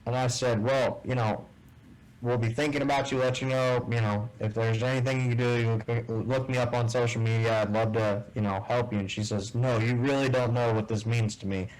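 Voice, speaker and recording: A man as a guest in a casual interview, telling a story and acting out the dialogue with lively shifts in voice. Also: medium pitch, brisk, poor audio. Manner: animated storyteller who acts out quoted dialogue. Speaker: guest, tournament bass angler.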